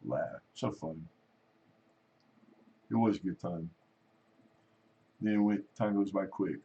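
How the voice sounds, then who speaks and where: Low-pitched and warm, a middle-aged man speaks slowly as he hosts a relaxed conversation, though the audio sounds dull. He drifts from story to story, performing other people's lines and laughing a lot.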